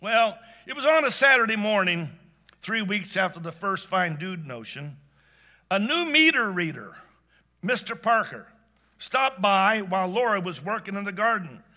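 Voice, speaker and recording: A man telling a heartfelt story aloud, animated and swinging between hushed and excited delivery. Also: high voice, moderate pace. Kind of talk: expressive spoken storytelling.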